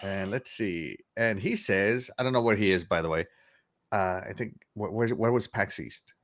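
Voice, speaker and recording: A man's voice: on the low side, moderate pace, fairly bright tone. A man hosting a casual livestream podcast, chatty and upbeat, laughing often as he greets viewers. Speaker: podcast host.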